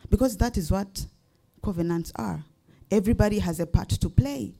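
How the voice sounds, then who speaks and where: A woman's voice: mid-range voice, brisk, mellow. A woman pastor preaching a sermon, building up to emphatic rising questions.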